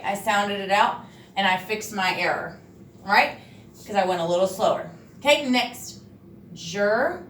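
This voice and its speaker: A woman teacher running a reading lesson, encouraging and sounding words out slowly. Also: medium pitch, fairly bright tone, slight background noise. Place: classroom. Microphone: far camera. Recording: echoey room from far off.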